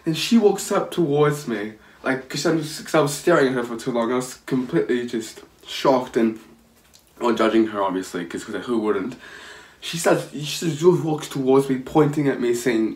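A man's voice: medium pitch, unhurried. A young man telling a story casually, rambling and swearing with frequent restarts. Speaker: vlogger. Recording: echoey room.

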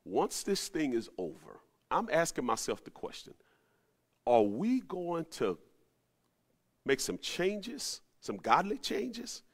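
A man preaching a sermon, animated, rising to emphatic peaks and dropping to low asides. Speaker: pastor. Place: at home during the pandemic.

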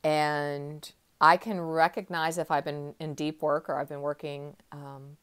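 A woman in her sixties, a counselor, gently guiding a slow relaxation exercise from a chair in her counseling room. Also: low-pitched, level tone, clear, resonant tone. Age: 60s. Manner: gentle, unhurried, soothing guidance. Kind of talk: guided relaxation talk.

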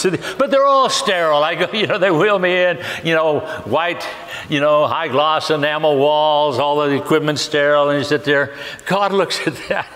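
An older man, a guest pastor, preaching a sermon with humor and laughter, acting out lively exchanges. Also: fairly high pitch. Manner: humorous, animated storytelling with laughs. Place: large church hall. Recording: long church reverb.

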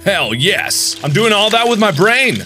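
A man giving excitable, jokey commentary while playing a video game, swinging between yelps and mutters. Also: sits high, measured pace, over music. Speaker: gaming video host. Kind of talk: gameplay commentary.

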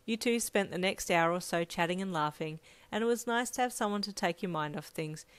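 A woman reading her own fan fiction aloud, narrating in second person in a steady, plain manner. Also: lowish voice, a little fast, clear, resonant tone.

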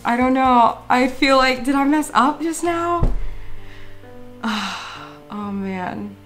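A woman hosting a gaming channel, commenting excitedly over gameplay with frequent gasps and exclamations to her viewers. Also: high-pitched, a little slow, soft background music.

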